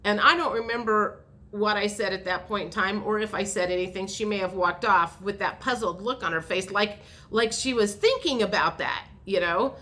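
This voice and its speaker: In a casual vlog, a woman rambles chattily through a long everyday story, stumbling over fillers and restarts. Her pitch is ordinary and mid-range, her pace moderate, and her tone bright and forceful.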